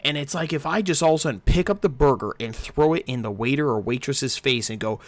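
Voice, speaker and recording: A man's voice: mid-range voice, moderate pace, few pauses, dry recording. A man giving a casual, exasperated game review, ranting and swearing freely into a close home mic.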